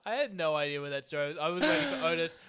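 A young man co-hosting a podcast, teasing his co-host with quick wry remarks. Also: on the high side, sing-song, a bit bright, smooth. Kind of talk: casual podcast chat.

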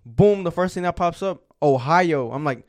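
A man's voice: a little high, lively intonation, normal speed. A young man co-hosting a podcast, telling a long story in casual chat, rambling and swearing with lots of filler words. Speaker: podcast co-host.

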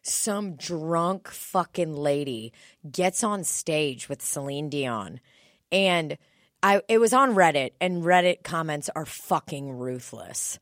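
A young woman in casual chat on a podcast, telling an animated story and swearing freely. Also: low-pitched, slow, no room sound, studio quality.

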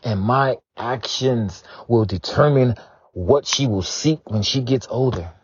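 A man's voice: mid-range voice, unhurried, slightly rough. A man in his forties giving a conversational, earnest spoken prayer to his ancestors, repeating phrases for emphasis and speaking bluntly. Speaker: spiritual prayer leader. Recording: dull lo-fi recording.

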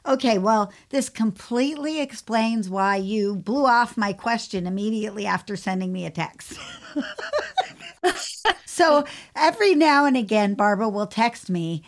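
A woman's voice: medium pitch, unhurried. A woman with a mid-range voice co-hosts a podcast. She is sympathetic but likes to tease, and she laughs easily in casual chat. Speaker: podcast co-host, dog groomer.

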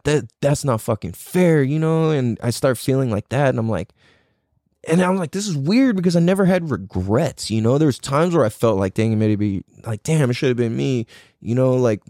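A man's voice: mid-range voice, warm tone, no room sound, studio quality. A young man telling a raw personal story in casual speech, swearing a lot, full of fillers and rising emotion. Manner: heavy swearing, filler-laden, emotional and intense.

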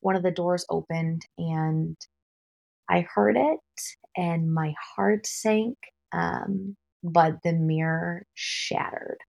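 A woman wedding planner hosting her own podcast, giving calm, practical advice in a conversational way with the odd light laugh. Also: lowish voice, takes it slowly, gravelly. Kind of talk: solo podcast talk.

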